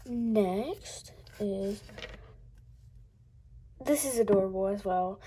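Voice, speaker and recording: A young woman chatting casually while unboxing toys, gushing and gasping often, sometimes dropping to a breathy coo. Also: a little high, expressive, a little slow, long pauses, dark tone.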